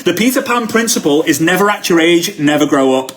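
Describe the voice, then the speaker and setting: A man in his thirties gives a live-streamed sales training talk as a motivational speaker, telling energetic stories and acting out the quotes. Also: fairly high pitch, fairly quick. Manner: energetic storyteller who acts out quotes.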